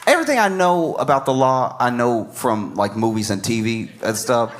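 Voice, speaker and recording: A man's voice: mid-range voice, lively intonation, moderate pace, some chatter behind. A man doing a stand-up comedy set, riffing with disbelief and repeating his lines for effect.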